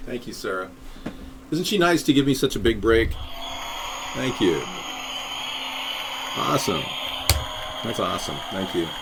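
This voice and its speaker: A man's voice: lowish voice, sing-song, measured pace, gravelly, pauses often, noisy background. A man who is a third-party presidential candidate, hosting a live stream in rambling, easygoing chat.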